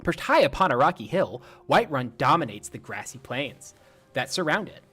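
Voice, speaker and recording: A man's voice: fairly high pitch, big pitch swings, moderate pace, a bit bright, breathy edge, faint music behind, heavily acted. A man reading a game book aloud as a lecherous, flowery male bard while mimicking a text-to-speech lady voice. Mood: grandiose. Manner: grandiose, theatrical reading.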